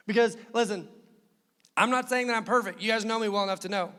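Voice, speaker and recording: A male pastor preaching an animated sermon, acting out quoted voices as he goes. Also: sits high, moderate pace, long pauses. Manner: animated, acts out quoted voices, laughs often. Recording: long reverb of a church hall.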